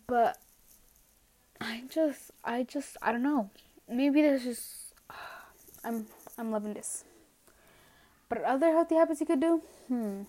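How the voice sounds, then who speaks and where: A woman's voice: a little high, slow pace, long pauses, dark tone. A young woman hosting a casual solo podcast rant from home, rambling and self-mocking, a little out of breath. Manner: rambling, self-mocking, drifts into trailing asides. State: a bit out of breath. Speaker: podcast host. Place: at home, indoors.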